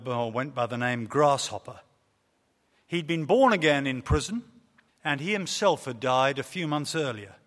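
In a large church hall with long reverb, a man preaches an earnest, story-driven sermon. His voice is highish, bright and forceful, with hesitant fillers along the way.

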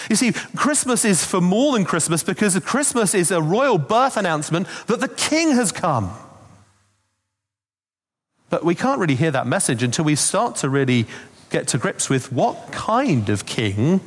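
A man preaching a Christmas sermon, telling stories in a conversational way with asides. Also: sits high. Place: church. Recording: long reverb of a church hall.

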